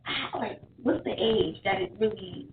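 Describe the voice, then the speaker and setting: Woman, podcast questions, hesitant, halting, distant, echoey, phone-like. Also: mid-range voice, a little hiss or hum. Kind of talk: casual podcast chat.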